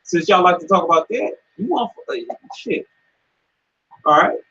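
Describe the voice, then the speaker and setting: A man preaching heatedly in a scripture discussion, profane and stammering, with a husky voice. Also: sits high, lively intonation, moderate pace, pushed and bright, slight background noise. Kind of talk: heated street preaching chat. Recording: dull lo-fi sound.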